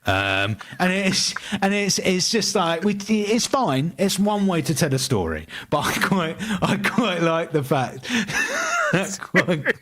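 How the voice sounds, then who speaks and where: A man's voice: on the high side, big pitch swings, unhurried, hardly any pauses, a bit bright. A man co-hosting a casual podcast review, often restarting his sentences. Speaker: podcast co-host.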